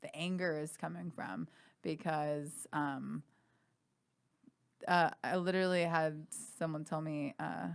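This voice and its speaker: A woman's voice: low-pitched, steady tone, takes it slowly, creaky, clean tone. A young woman hosting a casual podcast chat, talkative, laughing often and swearing freely. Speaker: podcast host.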